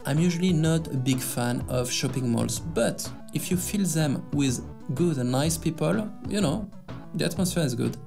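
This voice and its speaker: A man's voice: on the high side, animated, moderate pace, creaky. A man hosting a sarcastic news commentary vlog, with mocking asides, over faint background music.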